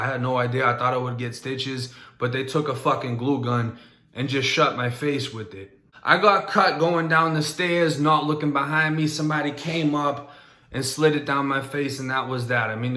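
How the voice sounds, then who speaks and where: A man's voice: on the high side, pushed and bright, reverberant. A young man bluntly telling his own prison story in a casual, streetwise way. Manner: blunt, streetwise, matter-of-fact.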